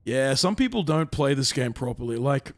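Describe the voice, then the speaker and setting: A man's voice: mid-range voice, lively intonation, normal speed. A man streaming a game live, muttering casual commentary and swearing at teammates. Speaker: gaming streamer.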